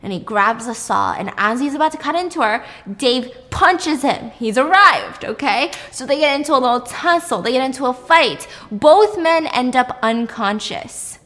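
Animated young woman retelling a movie. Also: high voice, normal speed, hardly any pauses, long reverb tail. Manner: animated, swears casually. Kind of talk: casual film plot recap.

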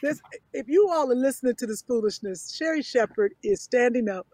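A woman co-hosting a comedic podcast, with a high, bright pitch. She teases and protests playfully, and her voice sounds close and dry, with no room around it. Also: lively intonation, brisk, dry recording. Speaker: podcast co-host. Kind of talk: casual comedic chat.

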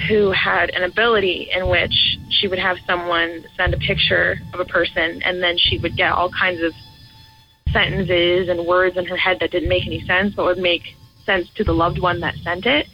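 A woman in her twenties, calling in to tell her own ghost story in an earnest, halting way with trailing restarts. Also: fairly low pitch, vocal fry. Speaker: caller sharing a ghost story. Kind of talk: personal paranormal story told to a radio show. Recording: muffled lo-fi audio with faint music.

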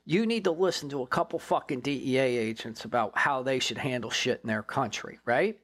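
A former drug agent, a man, telling a case story in an interview in a blunt, profane, animated way. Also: mid-range voice, brisk, breathy edge.

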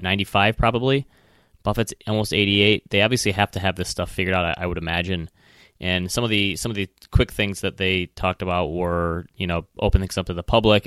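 A man's voice: deep voice, clear, resonant tone, no echo, studio quality. A man with a Midwestern accent co-hosting a podcast, chatting casually about markets and often hedging his opinions. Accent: Midwestern American. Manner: relaxed, hedging with self-corrections. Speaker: podcast co-host. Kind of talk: casual finance chat.

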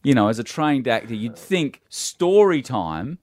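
A man's voice: mid-range voice, big pitch swings, a little slow, a little mellow, dry recording. A man with an Australian accent hosting a radio show, chatting casually and making fun of himself. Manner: chatty, self-mocking, jokey. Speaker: radio host. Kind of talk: casual breakfast-radio banter.

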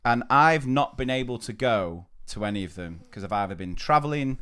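A man's voice: mid-range voice, lively intonation, brisk, a bit bright, clean tone. A man co-hosting a podcast, telling stories in a chatty way and laughing often. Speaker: podcast co-host. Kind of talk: casual chat.

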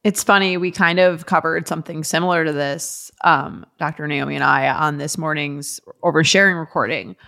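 A woman's voice: low voice, creaky, sharp tone. A woman from Long Island co-hosting a casual podcast, chatty and loose, with lots of filler words. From Long Island, New York. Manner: chatty, lots of "like", quick laughs. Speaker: podcast co-host.

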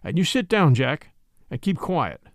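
A quiet, steely man who never raises his voice, as a male reader plays him. Measured and firm, with a dry, close sound. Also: on the high side, very animated, no echo. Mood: calm. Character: calm, steely man, quiet but hard.

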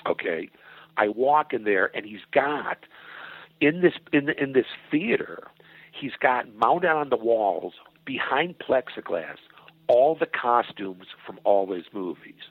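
An older man, a comedy writer and producer, telling an animated, profane story as a guest on a phone interview from his home. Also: mid-range voice, slow pace, no room sound. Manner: animated, profane storyteller who acts out other people's lines. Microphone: telephone. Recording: tinny phone line, husky and dry.

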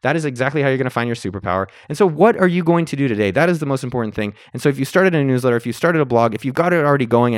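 Fast-talking upbeat man hosting a podcast. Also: medium pitch, no echo, studio quality. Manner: upbeat, playful, salesy. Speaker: podcast host. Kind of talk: energetic solo podcast talk.

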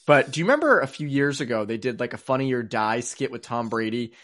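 Laughing, rambling young podcast host. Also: male voice, mid-range voice, animated, fast, a bit bright. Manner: rambling, laughs often, self-mocking. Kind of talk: casual sports podcast chat.

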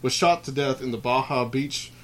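A man's voice: mid-range voice, moderate pace, fairly bright tone, a little hiss or hum. A man hosting a podcast, reading out a list of creepy clown stories and then chatting loosely with many fillers. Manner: reads list items, then rambles with fillers and restarts. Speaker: podcast host.

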